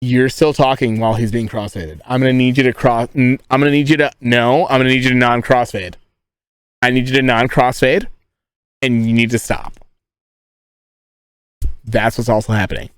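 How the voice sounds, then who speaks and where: A man's voice: medium pitch, steady tone, normal speed, long pauses, smooth, dry recording. A young man streaming from inside a tent, chatting and telling stories in a crude, joking, rambling way. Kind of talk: casual live-stream chat and storytelling.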